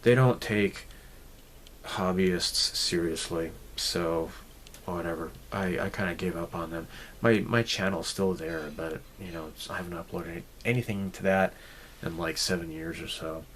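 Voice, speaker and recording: A man's voice: deep voice, steady tone, normal speed, a bit bright, slight background noise. A man hosting his hobby channel, giving a casual, rambling update with lots of fillers, restarts and blunt, mildly crude asides.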